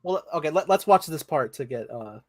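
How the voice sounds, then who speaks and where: A man's voice: fairly high pitch, animated, brisk. A man hosting a casual pop-culture podcast, explaining things in an easygoing way and laughing along. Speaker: podcast host. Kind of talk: casual chat reacting to a trailer.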